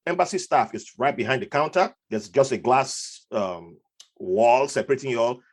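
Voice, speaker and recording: A man, a podcast guest telling stories from his life in a lively conversational way and slipping into other people's voices. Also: medium pitch, normal speed. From Nigeria. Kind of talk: conversational storytelling.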